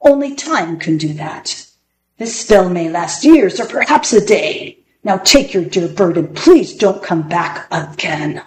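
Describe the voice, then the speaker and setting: A menacing old magician, cold and unhurried, drawing out every word in a low growl, as a woman reading a storybook puts him on. The voice carries a roomy echo around it. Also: animated.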